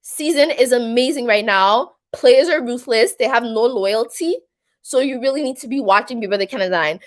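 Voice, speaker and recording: A woman's voice: fairly high pitch, normal speed. A woman with a Québécois French accent talks through a casual live stream as its host. She rambles in a chatty way, full of fillers, in a slightly raised voice. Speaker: live stream host reading viewer comments.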